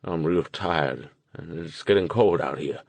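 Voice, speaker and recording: A man voicing a timid, weary old drifter who speaks in a creaky, hesitant mumble. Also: sits low, unhurried, a little mellow, dry recording, heavily acted. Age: older. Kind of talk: audiobook character voice.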